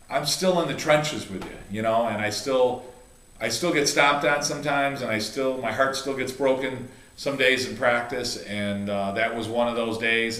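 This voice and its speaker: In a roomy-sounding casual video, a middle-aged chiropractor and coach shares a heartfelt story, restarting often and leaning on fillers as he rambles. His mid-range voice comes across pushed and bright.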